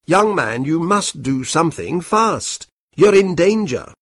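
A man voicing a sharp male detective who speaks in a brisk, commanding way, raised above his reading voice. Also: a little high, big pitch swings, no echo, pitched above the performer's own voice, full character voice. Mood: urgent.

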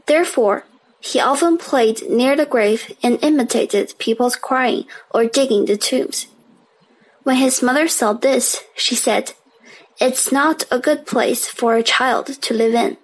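A woman narrating a children's story at a slow, careful pace. Her voice sits slightly high. She reads with steady, deliberate phrasing. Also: low-quality recording.

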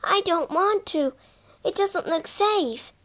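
Woman reader doing a timid little girl, very high whine, fearful, storybook. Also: very animated, unhurried, exaggerated voice. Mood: fearful whiny. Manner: high whiny protesting.

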